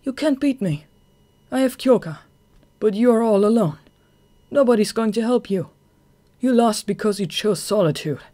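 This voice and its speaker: A narrator voicing a steady, protective young man, speaking earnestly and firmly in a fan audiobook. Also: mid-range voice, normal speed, pitched above the performer's own voice, lightly acted. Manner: earnest, firm.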